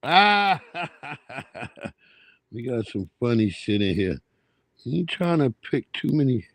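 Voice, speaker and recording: A man hosting a livestream, reacting to clips with loud, profane, laughing banter. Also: medium pitch, sing-song, slow pace, dry recording. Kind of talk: casual reaction commentary.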